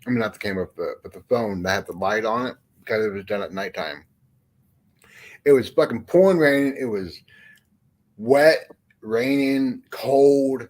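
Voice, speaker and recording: A man's voice: mid-range voice, normal speed, darkish tone. Guy rambling in a casual chat, lots of ums, cusses a bunch. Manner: rambling, lots of fillers and swearing.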